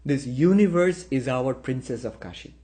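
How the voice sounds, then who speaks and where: Animated storytelling man. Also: medium pitch, normal speed. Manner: animated storyteller acting out characters. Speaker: spiritual speaker. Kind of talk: storytelling talk.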